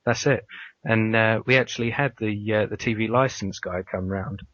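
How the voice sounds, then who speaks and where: A man's voice: on the low side, moderate pace, a bit bright. A man hosting a podcast in casual conversation, telling stories with many hesitations and fillers. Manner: hesitant, full of uhs, anecdotal. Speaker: podcast host. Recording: dry, dull lo-fi audio.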